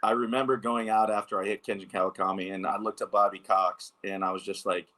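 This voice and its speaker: A man in his thirties, a former ballplayer, telling lively anecdotes in a casual interview, with lots of filler words. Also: lowish voice, fast. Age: 30s. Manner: animated anecdotes, many fillers. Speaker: former pro baseball pitcher, guest.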